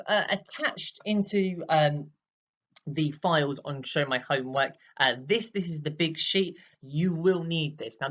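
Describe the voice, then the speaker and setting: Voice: medium pitch, fairly bright tone. Drama teacher explaining, muffled recording. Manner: explains patiently with many fillers, acting out examples. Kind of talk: recorded classroom lesson.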